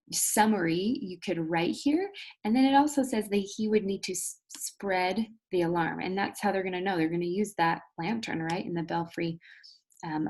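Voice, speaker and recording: A woman teacher giving a recorded video lesson, patiently explaining things and talking straight to her students, with expressive storytelling emphasis. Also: fairly low pitch.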